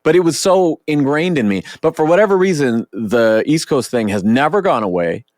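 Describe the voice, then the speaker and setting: Male podcast host, 30s, animated, profane, dry close mic. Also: fairly high pitch, normal speed, no room sound. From Oregon, US. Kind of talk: casual podcast chat.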